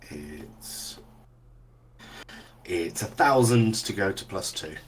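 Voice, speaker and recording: Easygoing game master, low voice. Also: male voice, lively intonation, slow, slightly rough. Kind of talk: narrating a tabletop game.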